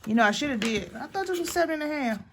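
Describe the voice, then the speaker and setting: A woman's voice: high voice, expressive, rapid-fire, fairly bright tone. A woman hosting a casual papercraft tutorial, chatting and joking with her viewers as she works. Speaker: papercraft video host.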